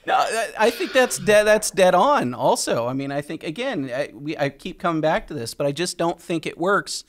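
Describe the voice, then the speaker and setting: A man's voice: on the high side, expressive, moderate pace. A man hosting a film podcast, talking enthusiastically about a film with hesitant restarts. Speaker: podcast host. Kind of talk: casual podcast chat.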